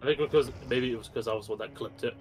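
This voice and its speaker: A man playing games with a friend on a casual stream, excitable and prone to yelling at the game. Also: medium pitch, very fast. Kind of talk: casual gaming stream chat.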